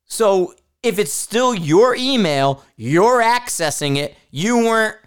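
A man hosts a casual solo podcast rant, talking bluntly and profanely as he rambles and keeps restarting his sentences. His voice is high and animated, with a clean tone, and he speaks slowly but with hardly any pauses.

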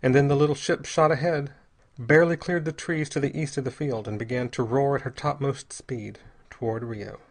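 A man narrating an audiobook chapter in a steady, even reading voice. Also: medium pitch, normal speed, few pauses. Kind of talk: scripted narration.

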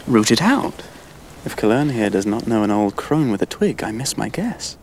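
A man's voice: on the low side, big pitch swings, normal speed, a little mellow, slight background noise. An actor playing a cold, scheming young nobleman who speaks with sneering contempt. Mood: scornful.

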